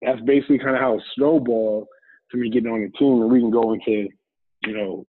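A man's voice: mid-range voice, fairly even intonation, quick pace, no room sound. Easygoing man telling a story over a tinny line. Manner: easygoing, rambling, recounts scenes with quoted dialogue. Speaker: guest, former football player. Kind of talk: casual storytelling. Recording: tinny, phone-like dry line.

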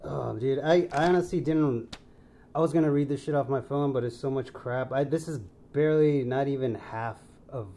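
A man's voice: mid-range voice, normal speed, warm tone. A young man co-hosting a casual podcast, laid-back, swearing a lot and calling his friend dude. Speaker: podcast co-host.

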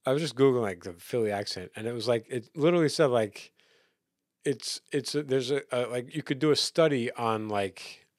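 A man co-hosting a casual music chat, talking in rambling, halting runs with many fillers and restarts. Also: medium pitch, dry recording, studio quality. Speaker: podcast co-host.

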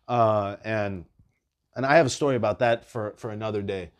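A man with a lowish voice keeps a moderate pace as he hosts a podcast, casually chatting, telling lively stories, and swearing freely.

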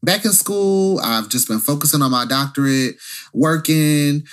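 A young man co-hosting a casual podcast, telling stories in a lively, rambling way with lots of fillers and profanity. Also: on the high side, a little slow. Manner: animated storytelling, frequent fillers and profanity. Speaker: podcast co-host.

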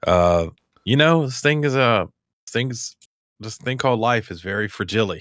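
A man hosts a podcast in a casual, rambling chat, laughing easily as he goes. His mid-range voice is expressive and a bit bright, delivered at a moderate pace. The recording is clean studio sound with no room echo.

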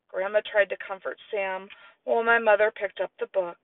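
A man's voice: normal speed, no echo, distant mic. A man reading a children's story aloud and doing the characters' voices. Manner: lively, plays children's voices in high squeals. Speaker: audiobook narrator. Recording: tinny, lo-fi, radio-like sound.

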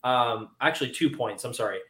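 A man's voice: medium pitch, fairly quick, fairly bright tone, echoey room. A young man co-hosting a casual podcast, talking eagerly and rambling with lots of fillers. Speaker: podcast co-host. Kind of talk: casual chat.

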